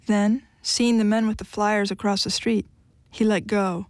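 A woman giving an audiobook narration in an even, measured storytelling manner. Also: medium pitch, no room sound.

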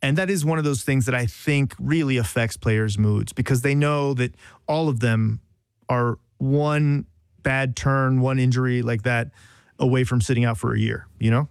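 A man's voice: mid-range voice, fairly even intonation, normal speed, clear, resonant tone, no room sound, studio quality. Self-mocking man telling a rambling anecdote. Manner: self-deprecating, rambling storytelling with restarts. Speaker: journalist telling a story. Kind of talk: casual podcast anecdote.

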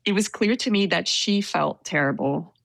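A woman telling a story in casual conversation, soft-spoken and hesitant with many fillers. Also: lowish voice, moderate pace, vocal fry, dry recording. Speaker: storyteller guest.

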